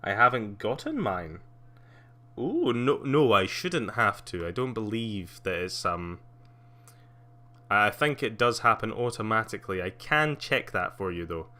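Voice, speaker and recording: Young male streamer, lower register, bright tone, loose chatty delivery full of ums. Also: sing-song, measured pace. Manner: rambling, many fillers, laughs often. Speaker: live streamer. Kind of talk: casual live-stream chat.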